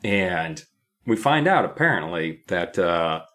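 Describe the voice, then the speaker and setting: Low-ish voiced guy rambling through a book recap, pitch all over the place. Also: big pitch swings, slow pace, fairly bright tone. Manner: playful, rambling, often laughing. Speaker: podcast co-host. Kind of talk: casual chat recapping a book episode.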